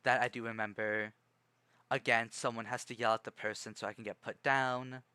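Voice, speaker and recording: A young man with a bright, forceful voice talks on a livestream in a loose, rambling way, restarting his sentences often. He keeps a calm, measured tone. The sound is dry and close, with no room around it. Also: mid-range voice, smooth, no room sound. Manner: rambling, hesitant, many restarts and fillers. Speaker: streamer. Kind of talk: casual livestream chat.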